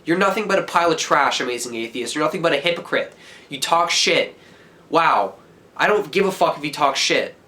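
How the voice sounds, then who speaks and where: A teenage boy in a heated, profane rant, yelling at the camera as a vlogger. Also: on the high side, expressive, a little fast. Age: teens.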